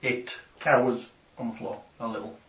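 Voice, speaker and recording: A man running a tabletop game as game master, narrating in a halting, descriptive way. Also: medium pitch, level tone, vocal fry. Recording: roomy, distant, dull lo-fi room mic.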